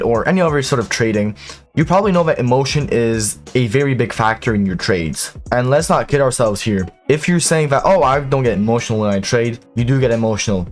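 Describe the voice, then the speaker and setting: A young man giving a brash, casual trading tutorial, swearing often and talking straight to viewers. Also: mid-range voice. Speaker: crypto trading YouTuber. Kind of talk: casual profane tutorial monologue.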